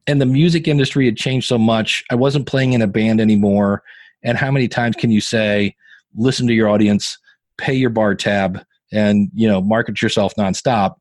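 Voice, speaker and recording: This fairly low-voiced man talks at a moderate pace, with no room sound around him. In his fifties and from Northeast Ohio, he plays guitar and hosts a podcast, and here he chats through stories in a relaxed interview, bringing others' words to life as he quotes them.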